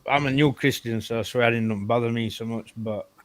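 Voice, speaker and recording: A man's voice: medium pitch, fairly even intonation, moderate pace, no room sound. A man hosting a casual group chat, easygoing and friendly, calling guests mate and brother. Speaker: host of the chat stream.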